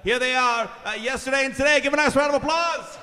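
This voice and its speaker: A man's voice: high-pitched, very animated, fairly quick, in a large hall, background noise, pitched above the performer's own voice. A man putting on a showy old-time TV variety host with a mock British accent, stumbling over the words before a big announcement. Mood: hammy announcing.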